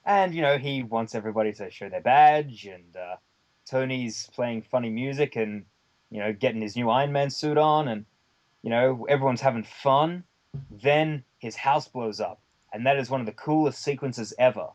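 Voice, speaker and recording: A man's voice: mid-range voice, moderate pace, lo-fi sound. A man who is a guest on a podcast, telling a rambling anecdote in casual chat, with lots of fillers and the odd swear word.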